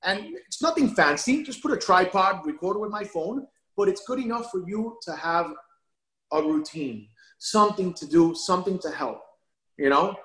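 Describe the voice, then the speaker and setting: Animated man in an echoey room. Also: sits high, moderate pace. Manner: animated, laughs often while telling stories. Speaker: guest. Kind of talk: casual conversation. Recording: roomy echo.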